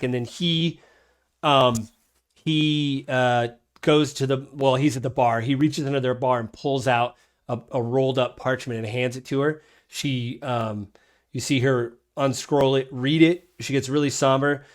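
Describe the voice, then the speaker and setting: Man game master, mid-pitched, casual rambling narration full of fillers. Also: steady tone, normal speed. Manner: rambling, many fillers, laughs easily.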